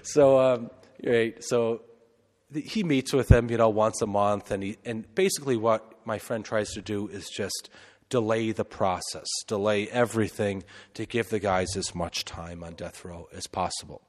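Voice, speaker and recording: A man's voice: on the low side, normal speed. Man telling a story in a reverberant church. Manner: conversational, anecdotal, with many fillers and asides. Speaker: priest. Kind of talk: storytelling homily.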